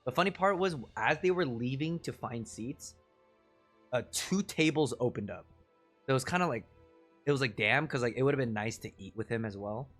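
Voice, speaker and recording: A man's voice: mid-range voice, lively intonation, normal speed, a bit bright. A man streaming live, telling a rambling, self-deprecating story full of fillers and chuckles, with faint music behind him. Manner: chuckles often between phrases.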